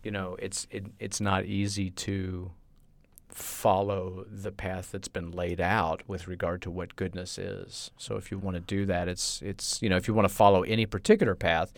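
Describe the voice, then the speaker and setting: A man's voice: sits low, moderate pace, vocal fry, no echo. A middle-aged man co-hosting a podcast, telling stories in casual chat and acting out the people he quotes. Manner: animated storyteller, acts out quoted people. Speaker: podcast co-host.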